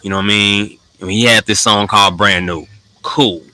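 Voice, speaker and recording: Bright-voiced opinionated man. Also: on the low side, moderate pace, no echo, poor audio. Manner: animated, opinionated, with emphatic rises. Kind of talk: casual chat.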